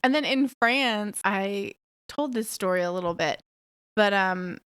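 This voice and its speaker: A woman's voice: mid-range voice, measured pace, a bit bright, clean tone, no echo, studio quality. A woman in her thirties hosting a podcast alone, talking frankly and bluntly and swearing freely. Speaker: podcast host. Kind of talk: casual monologue podcast.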